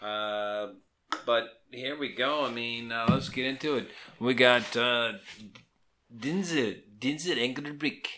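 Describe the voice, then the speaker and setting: A man's voice: medium pitch, pushed and bright, slight background noise. A man co-hosting a casual sports podcast, teasing and swearing freely. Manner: swears a lot, teasing, drawn-out delivery. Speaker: podcast co-host. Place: small room.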